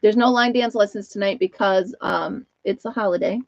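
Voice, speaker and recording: A retired older woman runs a casual live knitting chat stream from home, wandering between topics and laughing often. Her voice is medium in pitch at normal speed, in a dry, dull, lo-fi recording.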